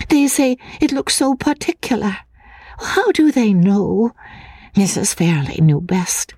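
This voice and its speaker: A woman voicing a timid, fragile young woman haunted by grief, speaking in a breathless, hushed voice that slips into whispers. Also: a little high, husky, dry recording. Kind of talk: audiobook drama acting.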